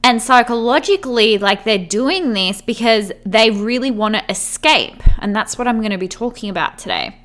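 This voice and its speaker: A woman's voice: on the high side, lively intonation, normal speed, few pauses, fairly bright tone. A woman hosting a podcast in a casual, chatty way, saying "like" a lot and acting out what friends might say. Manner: chatty, fills speech with "like"; acts out imagined friends' voices. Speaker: podcast host.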